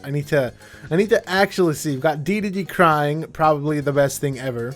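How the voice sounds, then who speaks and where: A man's voice: a little high, a little fast, soft background music. Rambling young man commenting on gameplay. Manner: rambling, self-correcting, chatty. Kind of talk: casual let's-play commentary.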